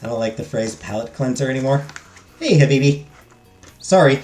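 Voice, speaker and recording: A man's voice: mid-range voice, normal speed, a little mellow. A young man joking around as he plays a story game and reads its text aloud. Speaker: gaming streamer. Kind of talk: let's play commentary. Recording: echoey room, faint music.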